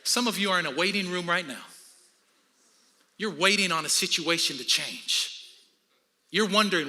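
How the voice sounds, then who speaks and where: Man, 50s, pastor; high, very bright, forceful preaching voice with a storytelling streak. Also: normal speed. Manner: storytelling with humor, preaching to a congregation. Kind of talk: sermon.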